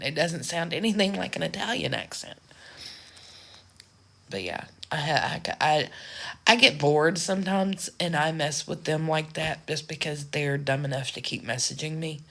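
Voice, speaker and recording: A woman's voice: deep voice, creaky, a bit bright. A woman from the United States talking frankly and ramblingly in a casual vlog. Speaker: social media creator.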